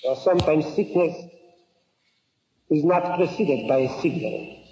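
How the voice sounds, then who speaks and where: A man giving a scholarly lecture, halting and restarting phrases and quizzing his listeners, on a dull old recording. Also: on the high side, warm tone, reverberant, big-room sound. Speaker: Talmud lecturer. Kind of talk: lecture with questions to the class.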